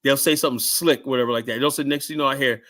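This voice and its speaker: A middle-aged man with a mid-range, steady voice talks at a racing pace as a guest on a casual podcast, telling security stories. He rambles, keeps tagging "right?" and "whatnot" onto his lines, and shouts out quoted lines.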